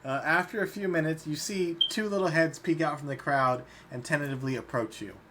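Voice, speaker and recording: A man's voice: fairly high pitch, fairly quick, a little hiss or hum. Man running a tabletop game. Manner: relaxed, often breaks into laughter. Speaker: game master.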